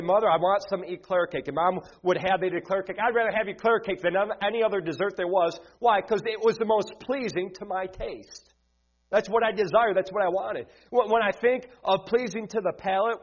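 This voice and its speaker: A young man preaching an evening sermon, earnest and repetitive, with stumbling restarts. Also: lo-fi sound. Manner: earnest, repeats words, drops low and soft in prayer.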